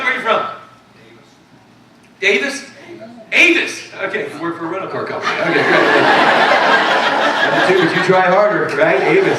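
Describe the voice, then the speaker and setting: A middle-aged man doing a stand-up comedy set with loud, punchy crowd work on a club stage. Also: sits high. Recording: echoey club recording from far off, crowd noise. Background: audience laughter and club chatter.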